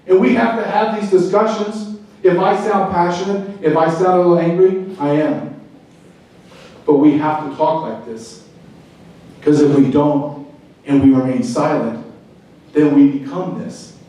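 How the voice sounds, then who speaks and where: A middle-aged man, a retired border agent, giving a fervent speech to a club, swinging from loud to quiet. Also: fairly high pitch, fairly even intonation, measured pace, long pauses. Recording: very echoey room, speaker far from mic.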